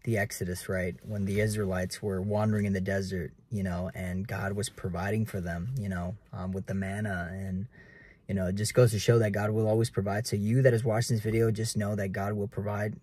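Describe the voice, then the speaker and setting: Young man, earnest casual preacher, mellow husky voice, talks straight to viewers. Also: lowish voice, flat delivery, a little fast. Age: 20s. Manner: earnest, keeps addressing viewers as guys. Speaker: realtor vlogger.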